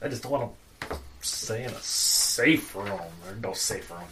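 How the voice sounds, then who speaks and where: A man's voice: fairly low pitch, unhurried, fairly bright tone, a little hiss or hum. A man playing a tabletop game, speaking in character in an exasperated, defensive way. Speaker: player.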